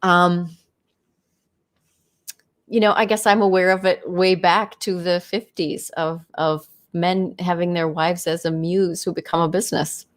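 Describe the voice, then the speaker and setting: A woman's voice: lowish voice, flat delivery, unhurried. A middle-aged woman hosting a casual livestream, talking in a chatty, enthusiastic way with many fillers. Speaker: livestream host.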